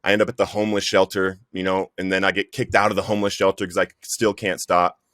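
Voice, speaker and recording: Podcast guest, male, low-pitched voice, earnest storyteller, dry close sound. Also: flat delivery, quick pace, fairly bright tone, no room sound. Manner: earnest storytelling, says "bro" often. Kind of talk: personal recovery story.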